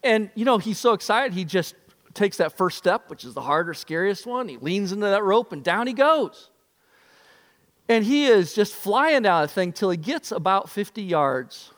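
Male pastor, high-pitched, animated sermon delivery, reverberant room. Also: normal speed. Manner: animated storyteller, acts out voices.

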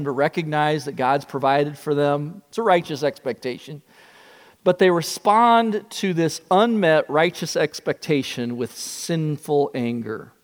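A man preaching a sermon as pastor, telling the story in an animated way with shifting pace. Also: on the high side, in a large hall.

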